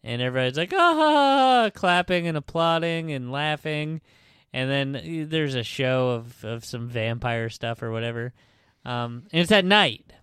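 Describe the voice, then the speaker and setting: A man on a book podcast retells a story in loose, casual chat. He rambles and swears, with plenty of ums and uhs. His voice is smooth and clear, and the room sounds dry and close. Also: medium pitch, moderate pace, fairly bright tone, no echo. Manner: rambling, profane retelling full of fillers.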